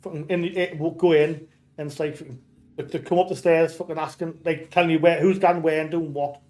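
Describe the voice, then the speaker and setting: A man's voice: fairly high pitch, steady tone, brisk, warm tone. A man with a Geordie accent, chatting casually while streaming a game, telling rambling stories full of restarts and swearing. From North East England. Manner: rambling storyteller, many restarts, swears freely. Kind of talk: casual chat while gaming.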